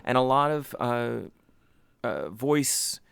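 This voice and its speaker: A man's voice: medium pitch, big pitch swings, takes it slowly, creaky, fairly bright tone, clean tone, no echo. A man co-hosting a comedy podcast, explaining things at length with teasing asides. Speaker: podcast co-host. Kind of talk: casual comedy chat.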